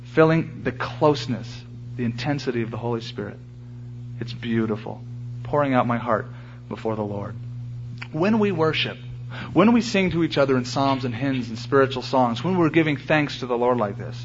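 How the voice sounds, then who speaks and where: A man's voice: a little high, fairly bright tone. Earnest man preaching, lo-fi recording. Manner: earnest, emphatic preaching with repeated phrases. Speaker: pastor. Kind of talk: sermon. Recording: dull lo-fi sermon recording with faint hum.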